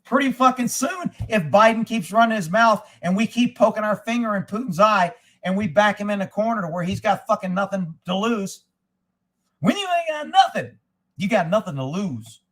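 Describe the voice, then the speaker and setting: A man's voice: sits high, animated, moderate pace, a bit bright. A middle-aged man hosting a livestream, talking in a heated, profane way as he reacts to chat. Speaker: livestream host. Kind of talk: casual ranting livestream chat.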